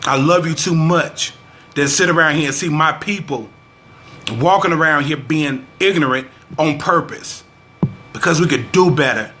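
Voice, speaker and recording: A man records a heated sermon-style vlog, his bright, forceful voice sitting a little high. He quotes scripture, repeats lines for weight and keeps returning to how frustrated he is, pleading more than lecturing. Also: moderate pace, slight background noise. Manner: fervent, preacherly, scripture-quoting exhortation; frustrated, repeats phrases for emphasis. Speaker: vlogger. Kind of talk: preachy social commentary vlog.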